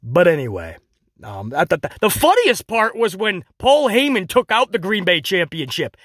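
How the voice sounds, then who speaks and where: A man reviewing a wrestling show in casual solo commentary, animated and jokey, slipping into quick mocking impressions. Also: high voice, no room sound, studio quality.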